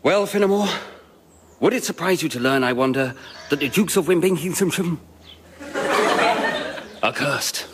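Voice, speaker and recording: Brief: a blustering upper-class duke, bright high voice with big pitch swings. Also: male voice, expressive, unhurried, long pauses, very noisy. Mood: breezy. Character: doomed aristocratic duke, breezy and cheerful. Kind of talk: comedy sketch acting.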